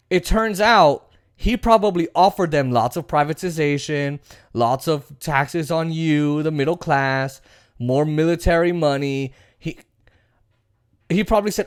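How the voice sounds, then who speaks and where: A man's voice: fairly high pitch, a little slow, smooth, no echo, studio quality. A man hosting a political commentary show, ranting bluntly and profanely with many fillers. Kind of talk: casual political rant.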